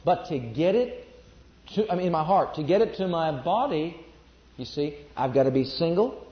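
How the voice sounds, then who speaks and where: In a church, before a congregation, a man delivers an emphatic sermon at a moderate pace, restating his declarations again and again. His voice sits a little high and is animated, captured on a dull, echoey lo-fi recording.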